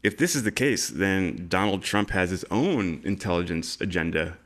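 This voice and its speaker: Deep-voiced casual man. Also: normal speed. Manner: loose, excitable, swears freely. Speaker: podcast co-host. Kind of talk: casual livestream chat.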